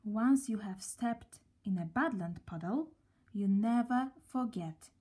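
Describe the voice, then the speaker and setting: A woman reading a children's story aloud, gently and at a slow, storybook pace. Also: medium pitch, husky.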